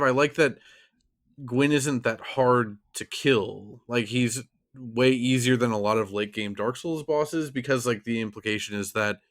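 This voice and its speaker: An enthusiastic man co-hosts a podcast in a loose, casual way. His voice sits at an ordinary middle pitch, and his talk is animated. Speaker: podcast co-host.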